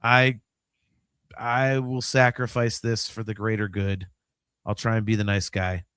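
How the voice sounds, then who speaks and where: Animated fifty-year-old man, dry mic. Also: fairly low pitch, unhurried, clear, resonant tone, no room sound. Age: 50s. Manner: animated, swings from mumbling to loud outbursts; swears freely. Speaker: podcast host. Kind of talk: casual chat.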